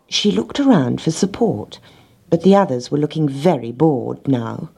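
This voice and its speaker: A woman reading a children's story aloud in a gentle, expressive way. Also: low-pitched, moderate pace, creaky, slightly rough.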